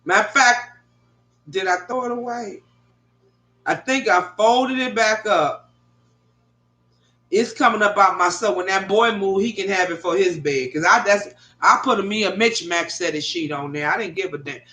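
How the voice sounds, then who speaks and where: A middle-aged woman vlogger rambles through a story to her viewers, talking animatedly and swearing freely. She records in her bedroom at home, which sounds echoey. Her mid-range voice is bright and forceful, at a moderate pace.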